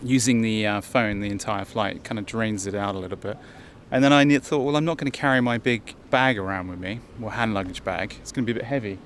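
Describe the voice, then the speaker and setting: A man's voice: fairly low pitch, quick pace, hardly any pauses, slight background noise. An English man hosting a casual travel vlog outdoors. He talks to the viewers directly in a chatty, rambling way. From England. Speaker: travel vlogger. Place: outdoors in a town and on a bus.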